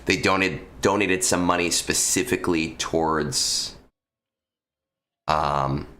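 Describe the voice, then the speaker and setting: Deep-voiced streamer with a lingering cough. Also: male voice, fairly even intonation, takes it slowly, pushed and bright. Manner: rambling and profane, with many restarts and ums. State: lingering cough after illness. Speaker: live streamer. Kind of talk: casual live-stream chat with viewers. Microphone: close-up microphone.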